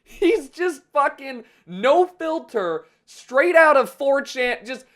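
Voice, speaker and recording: Young dude ranting, sweary, sarcastic, kinda all over the place. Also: male voice, very high-pitched, sing-song, slow, fairly bright tone. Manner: profane, rambling, sarcastic. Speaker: vlogger. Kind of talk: casual political rant.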